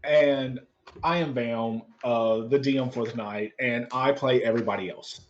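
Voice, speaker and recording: An easygoing man acts as game master, with a mid-pitched voice and a quick laugh. His audio comes through slightly muffled, like an online call. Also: steady tone. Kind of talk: casual tabletop game hosting.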